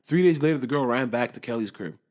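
A young man in casual chat, talking with lively swings between loud bursts and low mutters, full of street slang. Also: quick pace.

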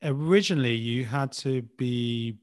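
A man's voice: medium pitch, unhurried. A man in casual conversation, talking in a hesitant, easygoing way and laughing easily. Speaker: conversation partner.

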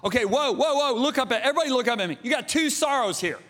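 High-voiced impassioned male preacher. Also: animated, rapid-fire, fairly bright tone. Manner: impassioned preaching with storytelling, calls on the congregation. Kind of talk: sermon. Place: church hall with congregation. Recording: long reverb of a large hall.

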